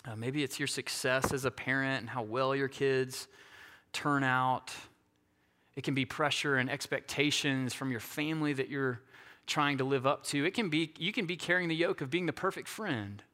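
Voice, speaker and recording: A man's voice: medium pitch, steady tone, moderate pace, pushed and bright. A male pastor giving a conversational sermon, often checking in with his listeners. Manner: conversational, self-deprecating, asks "right?" often. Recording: hall reverb.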